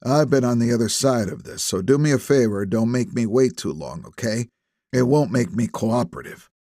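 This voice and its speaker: A man voicing a tense attorney being questioned by police, guarded and quick with retorts. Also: medium pitch, animated, dark tone, no echo, studio quality, natural voice.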